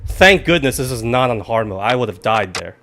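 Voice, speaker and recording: Male streamer, casual rambling commentary, average pitch, startles loudly; noisy recording. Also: animated, a little fast. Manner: rambling, chatty, jumpy outbursts when startled. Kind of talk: casual live gaming commentary.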